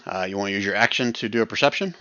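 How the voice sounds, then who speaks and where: A man's voice: on the low side, very fast, bright, forceful tone, dry recording, highs cut off. A man running a tabletop game as game master over voice chat, easygoing and laughing often.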